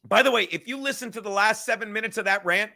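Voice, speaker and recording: A podcast host with a high, gravelly, bright voice and a forceful tone reacts to clips in an animated rant. He's sarcastic and heavily profane, and his rant builds fast.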